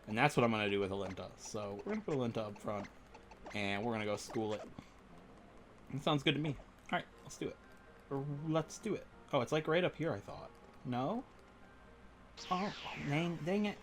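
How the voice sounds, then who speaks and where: A man hosting a let's play, rambling and joking excitedly over his game. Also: mid-range voice, fairly quick, faint music behind. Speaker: gaming channel host.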